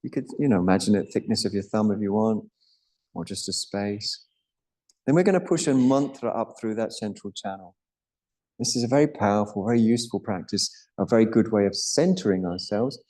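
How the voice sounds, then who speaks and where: A middle-aged man teaching a live yoga class, explaining breath and chanting practice in a calm, instructive way, with Sanskrit terms along the way. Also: on the low side, a little fast.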